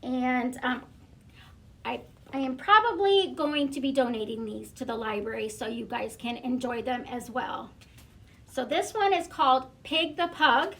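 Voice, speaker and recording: A woman school librarian reading a picture book aloud to children, gentle and hesitant, often pausing with fillers. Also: high-pitched.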